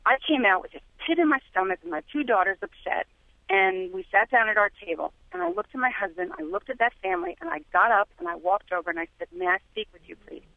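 A woman's voice: mid-range voice, very animated, fast, gravelly, dry recording. A woman calling in to a radio show, telling a story about herself in a candid, self-deprecating way. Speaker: caller. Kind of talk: phone-in storytelling. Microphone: telephone. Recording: tinny phone line.

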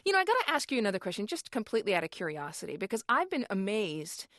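A woman's voice: mid-range voice, sing-song, racing, fairly bright tone, no room sound, clean studio sound. A woman hosting an interview program, asking curious, probing questions.

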